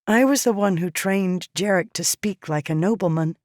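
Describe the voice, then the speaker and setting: An earnest young slave girl, as a woman narrator voices her, timid yet determined and pleading. Her voice sits a little higher than the narrator's own. The sound is close and dry. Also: normal speed, dry recording, close to an everyday voice. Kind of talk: audiobook character voice.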